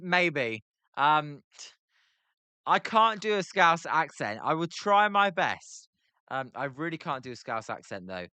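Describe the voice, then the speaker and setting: A man's voice: medium pitch, pushed and bright, clear, resonant tone, no echo. A British man doing live baseball play-by-play for a stream, chatting with viewers, full of filler ums and self-deprecating asides. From Britain.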